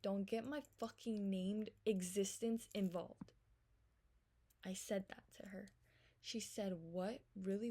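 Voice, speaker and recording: A young woman vlogs a storytime about an argument by text, speaking fast, swearing, and sounding exasperated. She moves between loud venting and hushed asides in a medium-pitched, gravelly voice.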